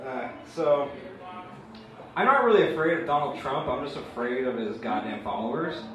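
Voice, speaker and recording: A man's voice: medium pitch, expressive, moderate pace, crowd noise. A young man doing a rambling, self-deprecating open mic stand-up set, full of fillers. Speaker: stand-up comedian. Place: small open mic room, audience laughing. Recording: echoey live room bootleg from far off.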